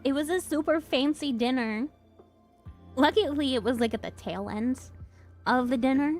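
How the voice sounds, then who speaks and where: A young woman with a fairly high voice chats on her stream, giggling often as she talks. Faint music plays behind her. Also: moderate pace, a little mellow. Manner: giggly, laughs often, chatty. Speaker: streamer host. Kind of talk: casual chat with viewers.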